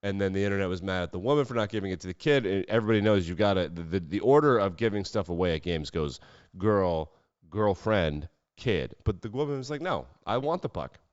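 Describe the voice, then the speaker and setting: Wry, sarcastic man with a low voice. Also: lively intonation, fast talker, clear, resonant tone, dry recording. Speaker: sports podcast host. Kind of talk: casual sports commentary. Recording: dull lo-fi dry sound.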